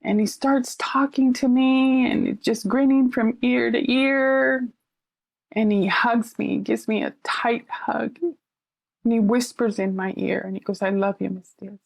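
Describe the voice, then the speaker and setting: A middle-aged woman, a counselor, telling stories in casual conversation and acting out quoted voices with lively animation. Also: fairly high pitch, slow pace, vocal fry, no echo. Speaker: counselor sharing her story. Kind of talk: conversational storytelling.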